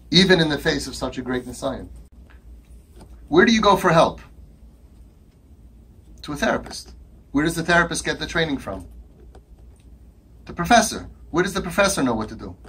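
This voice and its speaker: A man's voice: fairly high pitch, big pitch swings, normal speed, long pauses, fairly bright tone, husky. A man giving an impassioned talk to a live audience, firing rhetorical questions and acting out dialogues. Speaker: speaker addressing an audience.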